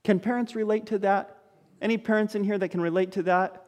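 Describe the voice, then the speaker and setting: Male pastor, high voice, lively sermon delivery with rhetorical questions, church hall reverb. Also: a little fast. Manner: animated, rhetorical questions, shifts between loud exclamations and low quiet asides.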